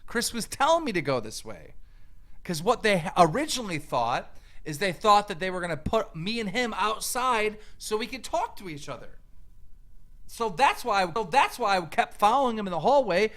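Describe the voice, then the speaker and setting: A man's voice: sits high, very animated, moderate pace, a bit bright. A man ranting angrily and profanely, mocking the person he answers. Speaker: YouTube commentator. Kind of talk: heated rant.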